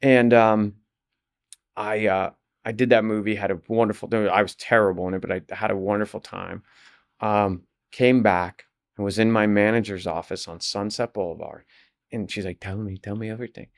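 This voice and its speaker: A man in his forties, a guest actor telling long stories in a casual interview, rambling with many restarts and jumping into animated quotes. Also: lowish voice, normal speed.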